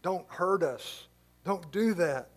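A man's voice: sits high, expressive, slow, exaggerated voice. A man voicing frightened pleading demons. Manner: pleading, panicked questions.

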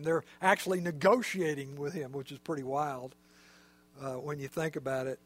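High-voiced male preacher. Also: a bit bright. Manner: conversational, explanatory, with fillers. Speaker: pastor. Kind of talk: sermon.

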